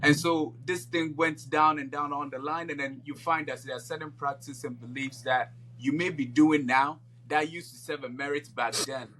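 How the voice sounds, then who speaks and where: A man's voice: a little high, steady tone, normal speed, few pauses, a bit bright, slight background noise. A man from Ghana co-hosting a podcast in casual chat, laying out his views at length and often checking in with "you know". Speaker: podcast co-host.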